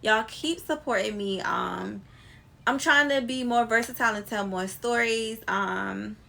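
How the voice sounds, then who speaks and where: A woman's voice: fairly high pitch, unhurried, gravelly, bright, forceful tone. A young adult woman telling a story to her viewers in a casual, emphatic, slangy way, speaking to a camera mic. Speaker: storytime vlogger.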